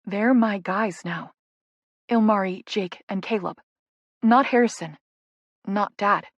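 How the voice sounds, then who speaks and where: A woman's voice: mid-range voice, slow pace, dry recording, highs cut off. A woman narrating a first-person audiobook in an intimate, emotional inner-monologue manner.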